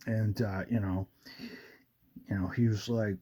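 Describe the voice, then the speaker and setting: A male radio show host chats casually, rambling with lots of fillers and retelling movie scenes, quoting lines as he goes. His voice is on the low side, warm and husky, with fairly even intonation and a slightly slow pace.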